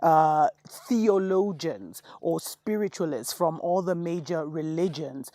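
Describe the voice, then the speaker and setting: Low, dark-voiced woman preaching earnestly. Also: slow pace, dry recording, studio quality. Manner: addresses listeners as beloveds, earnest and insistent. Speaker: online preacher in a played clip. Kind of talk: conspiratorial preaching.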